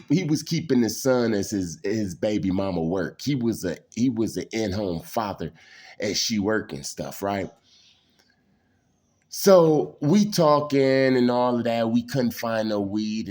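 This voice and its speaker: A man's voice: lowish voice, animated, moderate pace, darkish tone. Streetwise guy w aave rambling thru his story, keeps saying man, intense. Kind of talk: casual personal storytelling.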